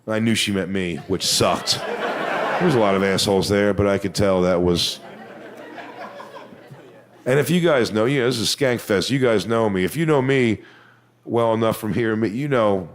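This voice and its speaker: A man performing a stand-up comedy set on stage, telling crude, swaggering stories and sometimes mocking people in high put-on voices. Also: normal speed, pauses often, a crowd in the background. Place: comedy stage before a live audience.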